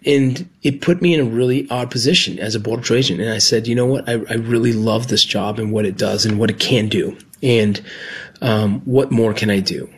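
A former Border Patrol agent and medic, a man speaking earnestly about his past work, halting at times with restarts. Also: on the low side, slightly rough. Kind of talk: personal storytelling.

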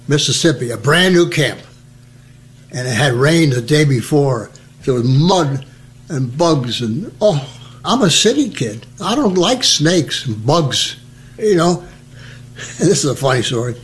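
An elderly American man telling personal stories in a chatty, humorous way, acting out the voices of people he quotes. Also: a little high. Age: older. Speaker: veteran interviewee. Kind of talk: personal storytelling.

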